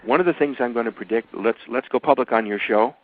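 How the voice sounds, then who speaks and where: An older man, an author being interviewed on the radio, talking emphatically and at rambling length, his pitch jumping suddenly. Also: fast. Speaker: author and guest. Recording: dull, dry radio audio.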